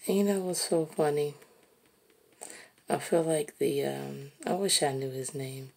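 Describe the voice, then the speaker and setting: Slow, husky low-voiced woman musing. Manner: slow, musing, drifting into soft whispers. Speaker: artist narrating while drawing. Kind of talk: reflective casual monologue.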